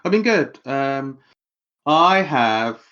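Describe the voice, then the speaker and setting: A male co-host chats casually. His speech is hesitant and rambling, full of fillers. His mid-pitched voice comes through a slightly dull, lo-fi recording. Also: animated, extremely slow, fairly bright tone. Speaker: podcast co-host. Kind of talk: casual chat.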